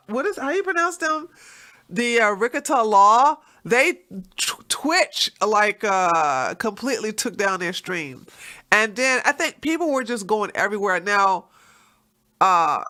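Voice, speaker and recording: A woman's voice: mid-range voice, pushed and bright. A woman hosting a livestream in casual, rambling chat, her nose stuffed up from allergies, laughing often between thoughts. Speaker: livestream host.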